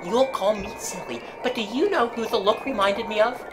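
Woman doing a brisk, hearty neighbour lady. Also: medium pitch, music in the background, pitched above the performer's own voice, natural voice. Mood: chatty.

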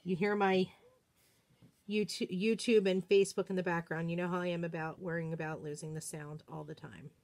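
A woman hosting a live crafting demo, chatting excitedly and talking to herself as she works. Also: fairly low pitch, a little fast. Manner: excitable, gushing, talks to herself while working. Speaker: craft demonstrator, live streamer.

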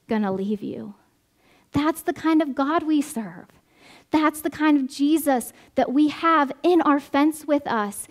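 Slow, emphatic woman preaching. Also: sits high, darkish tone. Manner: conversational, often adds "right?"; emphatic repetition. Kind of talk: sermon. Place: church service.

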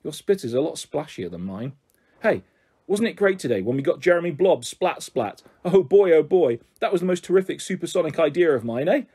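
A man reads a children's novel aloud with lively, expressive storytelling. His voice sits slightly high, mellow and somewhat husky. He gives the first-person narration a playful bounce. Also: a little fast. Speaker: audiobook reader.

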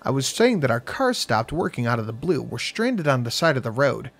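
A man's voice: medium pitch, very animated, fairly quick, vocal fry, fairly bright tone, husky, faint music behind, full character voice. A man voicing a brash, joking young man who talks in a breezy, mock-polite way.

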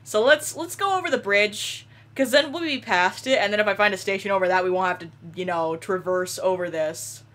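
A young woman giving excitable let's play commentary, yelling and laughing at the game. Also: mid-range voice, brisk, few pauses. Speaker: gaming YouTuber.

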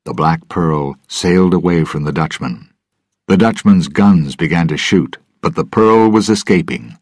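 A man narrating a story slowly and deliberately for English learners. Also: low-pitched, expressive, no echo, clean studio sound. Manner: clear, deliberate. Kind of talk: slow scripted story reading for English learners.

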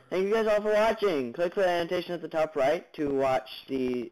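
A man's voice: a little high, brisk, few pauses, darkish tone, poor audio. A man giving jumpy let's-play commentary on a block-building game, chattering at monsters and viewers with sudden yelps, recorded on a basic computer mic. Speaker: gaming channel host. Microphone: basic computer mic, no headphones.

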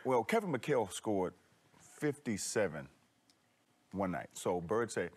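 A man, a former player as a guest, reminiscing in relaxed casual chat. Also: on the low side, measured pace, breathy edge.

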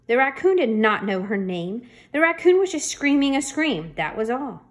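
Female reader, slightly high voice, lively storybook read-aloud with playful character voices. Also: normal speed. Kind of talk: reading a children's chapter book aloud.

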